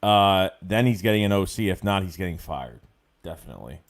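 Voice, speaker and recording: A man with a somewhat low voice hosts a casual livestream, reading out chat comments and reacting to each one. He talks bluntly and swears freely, full of fillers and repeated phrases. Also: animated, brisk. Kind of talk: casual sports livestream rant.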